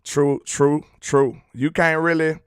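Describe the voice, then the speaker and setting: A man's voice: on the high side, steady tone, slow, smooth, no room sound, studio quality. Laid-back slangy man hosting a sports stream. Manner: laid-back slangy banter, laughs often. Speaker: sports talk livestream host. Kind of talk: casual live chat reading comments.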